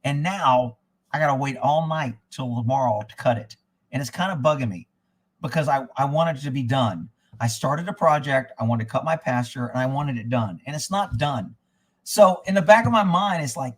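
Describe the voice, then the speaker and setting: A man's voice: on the high side, brisk. A man hosting a live stream, talking in a blunt, profane, rambling way from indoors at his rural home. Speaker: livestream host. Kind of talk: casual rambling livestream talk.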